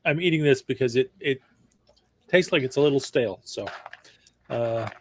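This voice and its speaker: A man co-hosting a casual live stream, talking in a halting way with repeated words and small chuckles. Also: mid-range voice, no echo, studio quality. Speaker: stream co-host, writer.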